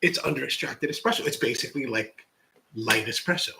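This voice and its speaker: A man's voice: mid-range voice, expressive, brisk, creaky, sharp tone, rough recording. A man from the United States, a coffee professional hosting his own channel, chatting casually to camera in a rambling, candid, self-deprecating way full of "like" and restarts.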